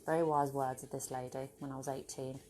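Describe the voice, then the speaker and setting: A woman's voice: a bass voice, level tone, fairly quick, mellow, slight background noise. A woman vlogging casually to a camera on a tripod at home, rambling and swearing freely. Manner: rambling, swears freely, bursts into laughter and playful voices. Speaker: spiritual vlogger. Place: home with her dog.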